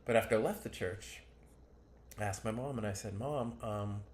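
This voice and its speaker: A man's voice: on the low side, fairly quick, slight background noise. A man telling his own life story to camera in a candid, rambling, self-deprecating way.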